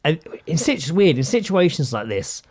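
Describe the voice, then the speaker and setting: A man's voice: on the high side, brisk. A man co-hosting a podcast, telling a story in casual chat and acting out what people said, with a lot of swearing. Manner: animated, acts out quotes with swearing. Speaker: podcast co-host.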